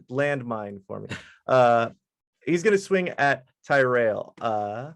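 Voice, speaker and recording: A man narrating as dungeon master, relaxed and amused, with frequent hesitations. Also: mid-range voice, takes it slowly, no room sound, clean studio sound. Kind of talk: narrating a tabletop game.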